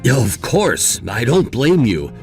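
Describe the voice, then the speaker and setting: A man voicing young men in an acted relationship story, dismissive as the groom and gentle as the brother. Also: medium pitch, big pitch swings, takes it slowly. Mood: sympathetic. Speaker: voice actor in a story video. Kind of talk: scripted voice acting. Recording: faint background music.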